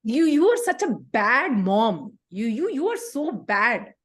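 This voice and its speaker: A woman's voice: fairly high pitch, sing-song, slow pace, a bit bright, exaggerated voice. A woman playing a sulky ten-year-old girl who talks back to her mother, whiny and stammering.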